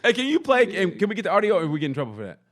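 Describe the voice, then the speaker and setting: A man's voice: high-pitched, racing, crowd noise. A man co-hosting a casual comedy podcast, telling profane stories with acted-out quotes and lots of restarts. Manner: animated storytelling with acted-out quotes. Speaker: podcast co-host.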